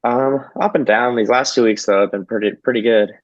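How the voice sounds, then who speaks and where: A man working as a podcast producer, answering in a hesitant, modest, low-key way. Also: steady tone, a little fast, no room sound, dull audio.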